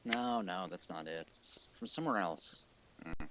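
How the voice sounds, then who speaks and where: A man's voice: deep voice, measured pace, background noise. A man playing a tabletop game over a voice call, making dry, wry remarks. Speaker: player. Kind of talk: casual tabletop game chat.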